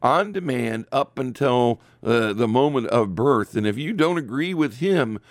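A man's voice: mid-range voice, expressive, measured pace, dry recording. A man hosting an opinionated commentary monologue, sarcastic and full of fillers and restarts. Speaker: commentary show host.

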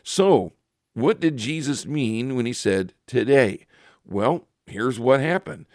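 A man giving a Bible teaching, reading verses aloud and explaining them with frequent pauses and fillers. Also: medium pitch, expressive, a little mellow, no echo, studio quality.

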